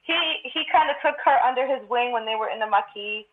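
A woman's voice: on the high side, fairly quick. A woman co-hosting a podcast, chatty and thoughtful as she lays out her views. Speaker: podcast co-host. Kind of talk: casual fan chat. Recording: muffled lo-fi remote audio.

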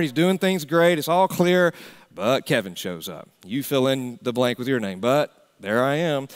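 A man preaching a sermon as pastor, swinging from loud emphatic calls to hushed near-whispers. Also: medium pitch.

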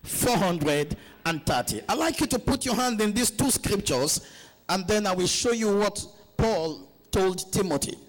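A man preaching a sermon at a church conference, urging the congregation to answer him back and reading scripture slowly and deliberately. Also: high voice, expressive, low-quality recording. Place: church conference, captured live.

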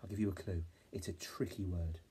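A young male teacher from England talking to young children in a home-learning phonics lesson, saying words slowly sound by sound and prompting them to repeat after him. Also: low-pitched, steady tone, warm tone, slightly rough. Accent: English. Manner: slow, sound-by-sound modelling with call-and-response prompts. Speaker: reception class teacher.

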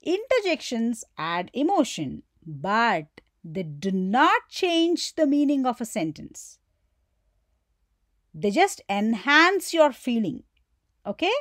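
A woman's voice: fairly high pitch, sing-song, takes it slowly, fairly bright tone, no room sound, studio quality. A woman teaching a grammar lesson, who poses questions to her viewers and answers them herself, and acts out the example exclamations.

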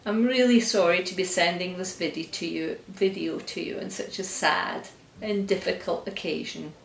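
An older woman with a lowish, gravelly voice speaks a fond and gently humorous memorial tribute. She is recorded on a home video camera. The sound is roomy and a little distant from the mic. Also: moderate pace. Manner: fond, gently humorous, often breaks into laughter. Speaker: friend giving a memorial tribute.

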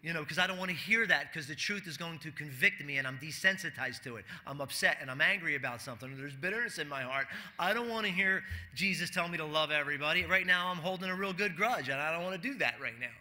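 A man's voice: fairly high pitch, animated, fast talker, hardly any pauses, sharp tone. A man preaching a sermon to a church congregation in a conversational way, asking the room questions and acting out quotes. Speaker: pastor.

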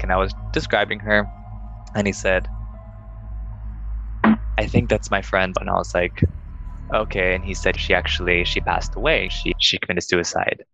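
A young man casually telling a ghost story to friends, animated and acting out the voices he quotes. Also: moderate pace, creaky, pauses often, highs cut off, soft background music. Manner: animated, acts out quoted voices in higher pitch.

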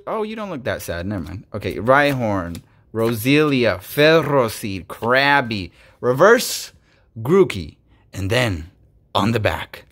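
A man hosting a casual card-opening video, excitable, swinging from quiet muttering to loud bursts, his voice going hoarse. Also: mid-range voice, measured pace. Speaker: YouTube host opening trading cards.

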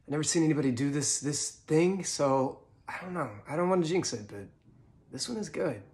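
A man's voice: a little high, a little fast, close to an everyday voice. A man doing a muttering, self-doubting vlogger. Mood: nervous hope. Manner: muttering, hushed self-talk. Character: anxious, self-doubting small-time male YouTuber.

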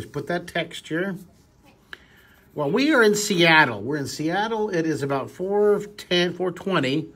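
A middle-aged man leading a live drawing lesson for a class of children, energetic and joking as he cheers them on. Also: fairly high pitch, a little hiss or hum. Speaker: drawing teacher.

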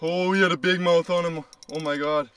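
A young man vlogging while ice fishing in a small flip-up shelter. He talks casually and swears freely, breaking into loud excited exclamations. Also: a little high, fairly quick, clear, resonant tone.

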